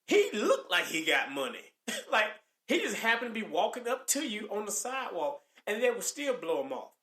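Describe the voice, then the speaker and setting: A man co-hosting a casual podcast chat, animated and quick to act out what others say. His voice bounces around an echoey room. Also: high-pitched. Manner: animated, acts out quoted lines, laughs often. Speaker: podcast co-host.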